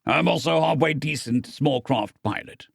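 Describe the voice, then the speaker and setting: A man's voice: on the high side, normal speed, creaky, breathy edge, no room sound, studio quality, heavily acted. A man narrating an audiobook, voicing an awkward, modest young pilot who speaks hesitantly.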